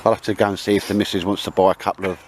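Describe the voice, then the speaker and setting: This man's low voice has a flat delivery and comes out rapid-fire, with slight background noise. Hosting a vlog from cold, wet woods, he trades casual banter and jokes, calling everyone mate.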